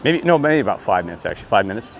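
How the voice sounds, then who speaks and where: A man in a casual vlog, telling a meandering story in an excitable way and often voicing disbelief. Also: fairly low pitch, rapid-fire, dull audio, slight background noise. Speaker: self-described street minister.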